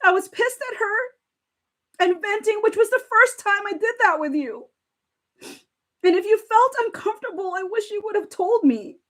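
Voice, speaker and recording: A woman with a high voice hosts a casual live stream. She reads text messages aloud and reacts to them, laughing and getting teary as she goes. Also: animated, moderate pace, a bit bright. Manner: emotional, laughing and near tears while reading. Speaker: livestream commentator. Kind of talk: casual live commentary reading texts aloud.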